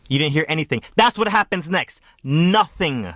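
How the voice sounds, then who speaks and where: Animated man telling a comic story. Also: fairly high pitch, normal speed, dry recording. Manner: animated and exaggerated. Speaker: YouTuber. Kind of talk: comedic storytime vlog.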